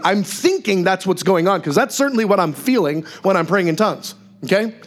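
Animated, high-voiced male pastor preaching. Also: moderate pace. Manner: animated, conversational preaching with frequent asides. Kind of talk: sermon. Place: church.

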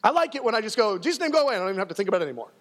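A male pastor preaching in an emphatic, conversational style and repeating phrases for effect. His voice is fairly high and swings widely in pitch. The sound carries a long reverb from a church hall. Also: very animated, racing, a bit bright. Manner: emphatic and conversational, with frequent repetition. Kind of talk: sermon.

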